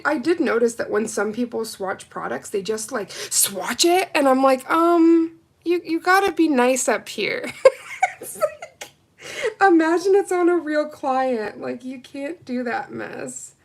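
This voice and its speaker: A woman hosting a live nail art unboxing, gushing and chatting with her viewers. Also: medium pitch. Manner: gushing, excitable, chats with viewers. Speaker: nail art livestream host. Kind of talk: casual live unboxing chat.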